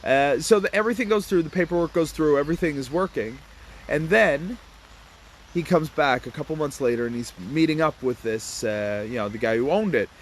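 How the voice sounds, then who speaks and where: A man's voice: fairly high pitch, slight background noise. Man telling a property story outdoors. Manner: acts out dialogue in quick asides, laughs between points; greets passers-by mid-talk. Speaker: property investment educator. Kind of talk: casual storytelling to camera.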